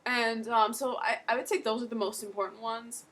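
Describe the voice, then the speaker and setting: A woman's voice: on the high side, fairly even intonation, brisk, fairly bright tone, poor audio. A woman giving a casual accent tutorial on a webcam, rambling with lots of filler words.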